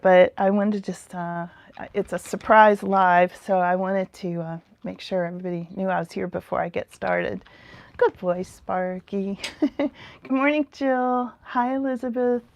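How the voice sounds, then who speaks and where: A woman's voice: medium pitch, no room sound. A woman hosting a live tarot stream outdoors in the mountains. She chats casually, laughs often and greets viewers by name.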